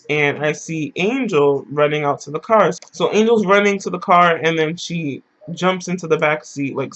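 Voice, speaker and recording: A man's voice: on the high side, a bit bright, dull audio. A man telling a story in a casual vlog, loose and slangy, rambling as he goes.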